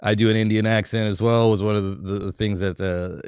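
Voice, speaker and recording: A comedian from New York talking casually about his plans as a podcast guest, with a chatty manner, frequent laughs and quick restarts. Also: lowish voice, steady tone, smooth, no room sound, studio quality.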